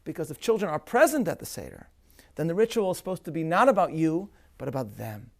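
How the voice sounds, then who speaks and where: A man with a fairly high voice speaks as a rabbi in a scripted lecture. His delivery is measured and emphatic, with Hebrew terms dropped in along the way. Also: very animated, gravelly. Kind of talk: scripted lecture on a religious festival.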